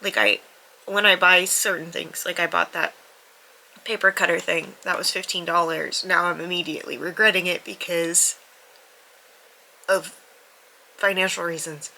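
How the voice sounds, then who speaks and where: A woman's voice: lowish voice, moderate pace, vocal fry, pushed and bright, a little hiss or hum, low-quality recording. A young woman talking candidly to camera in a casual book vlog, her voice stuffy from crying, self-deprecating and swearing freely, sometimes dropping to a near-whisper. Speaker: book vlogger.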